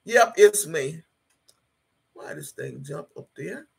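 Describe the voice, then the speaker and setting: A woman's voice: deep voice, animated, takes it slowly, vocal fry, darkish tone, husky. A woman livestreaming in a casual way, reading viewers' chat comments aloud in a blunt, emphatic manner, swearing freely and switching into prayer. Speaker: YouTube live streamer.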